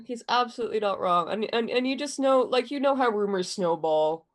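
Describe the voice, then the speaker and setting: A woman co-hosting a podcast in casual chat, swearing freely and tripping over quick restarts. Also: on the high side, lively intonation. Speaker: podcast co-host.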